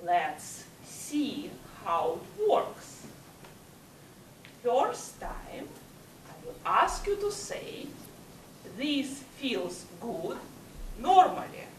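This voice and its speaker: A woman leading speaking exercises at a public speaking club, talking slowly and emphatically with swooping pitch. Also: very animated. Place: meeting hall. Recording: echoey hall from far off, faint hiss.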